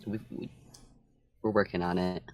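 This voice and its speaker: Deep-voiced man playing a tabletop game. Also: level tone, normal speed, a little mellow, no room sound. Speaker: player.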